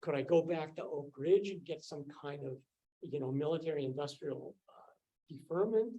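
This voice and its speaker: An older man, a scientist, recounting his student years in a relaxed, rambling way, with many fillers and restarts. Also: fairly high pitch, moderate pace, muffled recording. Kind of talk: casual storytelling.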